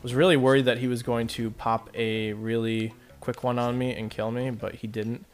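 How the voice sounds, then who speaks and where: A let's play commentator with a mid-range, level voice rambles at a moderate pace through casual gameplay. He chats with his viewers and makes jokes at his own expense.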